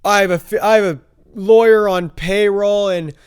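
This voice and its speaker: A man imitating a hotheaded, panicky young man who yells frantically. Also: sits high, fairly even intonation, normal speed, smooth, pitched above the performer's own voice, lightly acted. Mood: boastful threatening. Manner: frantic yelling.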